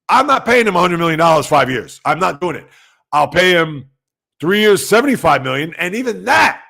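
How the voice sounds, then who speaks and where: Loud, gravelly-voiced sports talk man. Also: high-pitched. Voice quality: loud, emphatic delivery. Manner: rambling, conversational, talks back to chat. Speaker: sports livestream host. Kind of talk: casual sports talk livestream, reading viewer comments.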